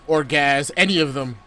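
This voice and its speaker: A young man co-hosting a podcast, telling stories in an animated, profane way with loud outbursts. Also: fairly high pitch. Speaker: podcast co-host. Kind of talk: casual chat.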